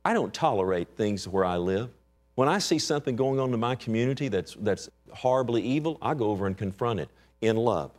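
A man's voice: on the low side, expressive, a little fast. A man, a pastor, preaching an emphatic sermon and asking the congregation for amens.

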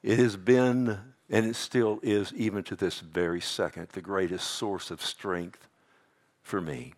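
A man preaching a sermon as pastor, swinging from hushed, intimate passages to loud, emphatic declarations. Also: low voice, fairly even intonation, unhurried.

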